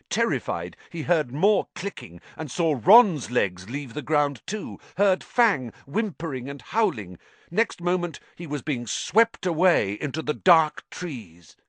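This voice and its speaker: Low-voiced guy reading a story slow and dramatic, dry close mic. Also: fairly bright tone, no echo. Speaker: audiobook narrator. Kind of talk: storybook narration.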